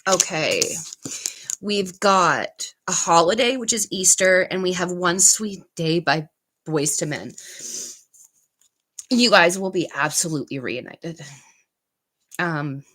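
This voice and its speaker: A woman hosting a live tarot stream, giving card readings in a soft, unhurried way with many pauses and fillers. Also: lowish voice, expressive, rough recording. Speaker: tarot reader and channel host.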